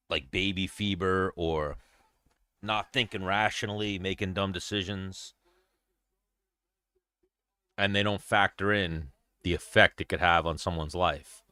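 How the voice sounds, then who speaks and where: A young man hosting a casual stream, with a low, smooth, resonant voice that stays bright and crisp. He talks bluntly, swears freely and rambles, close to the mic in a dry room. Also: no room sound. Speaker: show host. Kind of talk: casual livestream chat.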